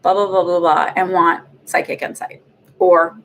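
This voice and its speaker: A woman's voice: on the low side, little pitch movement, moderate pace, a bit bright, slight background noise. Middle-aged woman host, rambling casual livestream chat, filler-heavy storyteller. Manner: chatty and rambling, with frequent fillers and laughs. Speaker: psychic medium livestream host.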